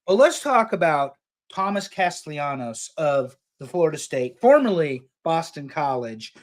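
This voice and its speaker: A man's voice: on the high side, very animated, unhurried. A man co-hosting a casual sports talk stream, opinionated and joking, cursing casually. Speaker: podcast co-host.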